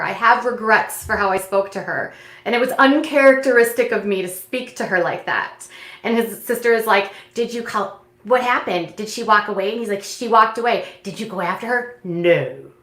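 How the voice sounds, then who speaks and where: A woman giving casual, snarky commentary on a reality show, mocking the cast with quick impressions. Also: medium pitch, fairly bright tone, echoey room. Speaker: commentary host.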